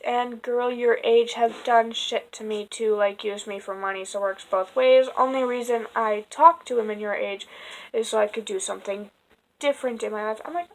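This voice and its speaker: A woman's voice: on the high side, fairly even intonation, normal speed, rough recording. Exasperated young woman vlogger. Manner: exasperated, sarcastic, swears freely. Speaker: vlogger reading dating app messages. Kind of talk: casual storytelling. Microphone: phone.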